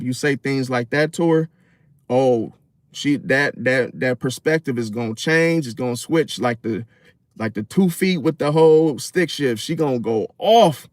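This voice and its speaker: A man's voice: medium pitch, a little slow, dry recording. A man in a casual, rambling monologue about relationships and astrology, slangy and profane, full of fillers.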